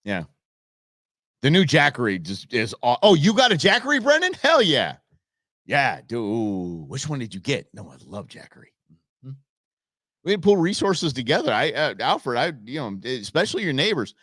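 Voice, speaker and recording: A man from Southern California hosting a live show in casual chat, rambling and animated with folksy asides to his viewers. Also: mid-range voice, normal speed, dry recording, studio quality.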